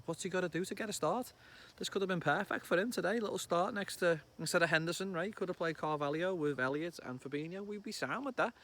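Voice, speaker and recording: A man in his thirties with a Liverpool accent, chatting excitedly outdoors about a football match, swearing and bursting into loud shouts. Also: high-pitched, fast talker. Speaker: football fan vlogger. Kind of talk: casual match reaction vlog. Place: outdoors among trees.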